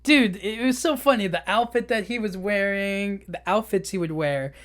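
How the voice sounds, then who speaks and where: A man's voice: sits high, moderate pace, a bit bright. Rambling man casually recapping a movie. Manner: rambling, filler-heavy retelling with frequent laughs. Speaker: podcast host.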